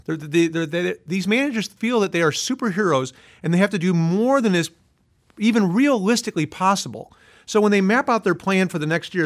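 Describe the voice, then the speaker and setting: A man with a notably high-pitched voice answers interview questions as a management consultant. He explains earnestly and lays his points out one by one. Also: a bit bright. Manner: earnest, list-driven explaining.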